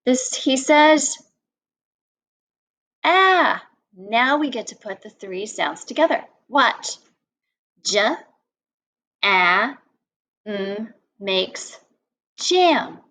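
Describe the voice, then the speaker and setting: A woman's voice: mid-range voice, animated, slow, long pauses, fairly bright tone, rough recording. A woman teaching a children's phonics lesson, acting out vowel sounds with big exclamations.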